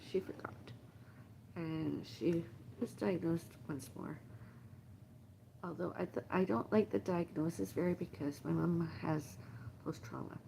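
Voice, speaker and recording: Gravelly middle-aged woman, halting and emotional. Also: fairly low pitch, mellow, slight background noise. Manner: halting, emotional, repetitive lists. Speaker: livestream host. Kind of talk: rambling personal monologue. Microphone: phone livestream.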